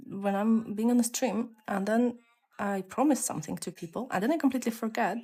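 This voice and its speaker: A woman with a mixed non-native English accent, chatting casually with viewers on a live stream and slipping into soft whispered asides. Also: a little high, fairly quick, breathy edge. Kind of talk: casual live-stream chat while coloring.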